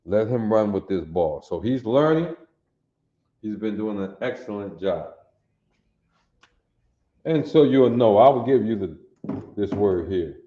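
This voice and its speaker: A man's voice: lowish voice, expressive, measured pace, long pauses, dark tone, reverberant, dull audio. A man in his sixties teaching a language class over a livestream, folksy and talking straight to viewers, often asking if they see it. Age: 60s. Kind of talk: livestream lesson.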